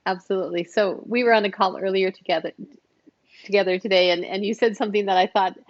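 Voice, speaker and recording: Woman host chatting away, excited, rambles a bit, muffled lo-fi sound. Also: medium pitch, fast talker. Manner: enthusiastic, rambling with restarts and laughs. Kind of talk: casual interview chat.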